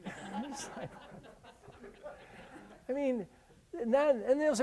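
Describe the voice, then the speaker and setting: A man giving a talk, telling a long trip story with many pauses, fillers and restarts. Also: extremely high pitch, mellow. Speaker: guest speaker. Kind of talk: storytelling lecture. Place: lecture hall.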